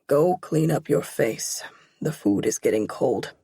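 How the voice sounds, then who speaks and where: A woman narrator voicing a stern, protective father who speaks hard and measured in an audiobook. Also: a bass voice, animated, vocal fry, mellow, husky, no echo, voice pushed down, exaggerated voice. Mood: stern, gentle.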